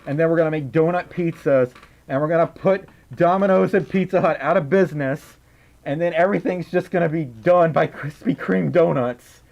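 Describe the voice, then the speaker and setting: Guy streamer kinda high voice, giggly and rambly, tired late night chat. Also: normal speed, vocal fry, dull audio. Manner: giggly, rambling, laughs often. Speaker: livestreamer reading donations. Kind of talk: casual livestream chat.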